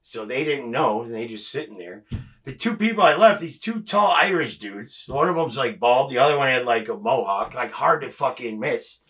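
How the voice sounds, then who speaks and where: A man's voice: medium pitch, moderate pace. A man telling a rambling, profane work story in casual podcast chat, acting out the people in it. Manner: animated, swears freely, acts out dialogue. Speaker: guest.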